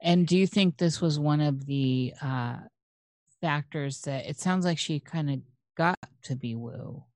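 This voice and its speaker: A woman's voice: sits low, unhurried, darkish tone, no room sound. A woman hosting an interview, asking curious questions and laughing along. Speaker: podcast host. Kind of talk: conversational interview.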